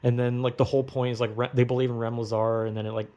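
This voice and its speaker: A man's voice: medium pitch, little pitch movement, very fast, dark tone. Young guy rambling a movie recap, swears a lot, lots of "like", mid voice. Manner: rambling, profane, lots of fillers. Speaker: vlogger.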